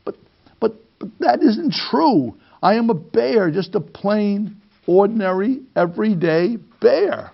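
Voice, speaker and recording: A man's voice: sits high, sing-song, takes it slowly, gravelly, dull audio, voice pushed up, full character voice. A man voicing a sleepy, confused bear who stammers politely as he insists on what he is. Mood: pleading. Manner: stammering, pleading.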